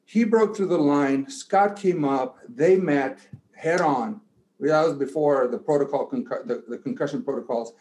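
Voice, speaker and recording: Man, coach-style pep talk, rising to shouts, slightly high voice. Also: normal speed, slight background noise. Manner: builds to shouting, then tells a story quietly. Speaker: guest giving a pep talk. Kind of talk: motivational speech and storytelling.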